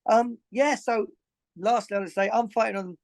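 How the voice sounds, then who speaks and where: A man's voice: sits high, fairly even intonation, moderate pace, vocal fry, rough recording. An earnest man, a boxing coach, talks in a podcast interview with a slightly raised voice. He rambles, circles back to repeat himself and gets choked up with emotion. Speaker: boxing coach and gym owner.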